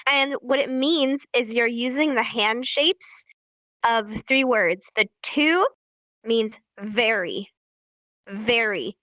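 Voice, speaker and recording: A woman's voice: fairly high pitch, fairly bright tone, no echo, lo-fi sound. A young woman from California teaching sign language on a casual livestream, chatty and laughing often as she acts out examples.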